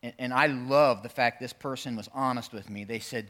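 A man preaching a sermon in a church, swinging between loud, emphatic peaks and quiet, intense stretches. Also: medium pitch, moderate pace. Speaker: pastor.

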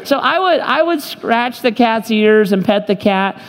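A man's voice: very high-pitched, animated, measured pace. A man preaching a sermon as pastor, emphatic and joking as he tells stories to his congregation. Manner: humorous, emphatic storytelling preacher. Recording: long hall reverb.

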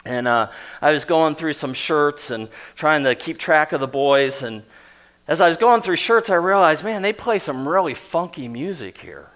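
Earnest preaching man, slightly high voice. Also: animated, measured pace. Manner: earnest preaching with sudden drops to a soft voice and emphatic bursts. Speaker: pastor. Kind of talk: sermon.

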